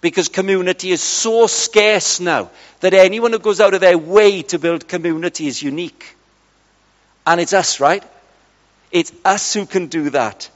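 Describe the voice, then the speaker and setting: Middle-aged male preacher, high-pitched and animated, storytelling sermon; dull recording in a reverberant hall. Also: moderate pace. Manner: lively, chatty, acts out dialogue with friends.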